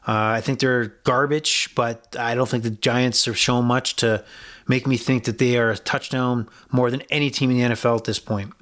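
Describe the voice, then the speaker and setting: A man's voice: mid-range voice, steady tone, normal speed, a bit bright. A man hosting a sports betting podcast, giving blunt, rambling picks with profanity and frequent restarts. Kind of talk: casual sports betting talk.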